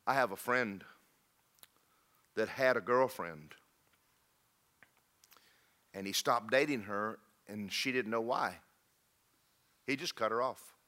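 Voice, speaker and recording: A man preaching a sermon in a church, telling stories and swinging from loud emphatic peaks to low quiet lines. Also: slow pace, pauses often. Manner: storytelling, rising to emphatic peaks then dropping low.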